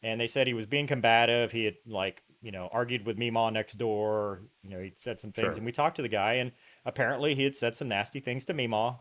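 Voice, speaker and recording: A man in mid-range pitch, hosting a podcast and telling a story. He rambles through fillers and asides, animated and casual. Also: a little fast. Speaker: podcast host.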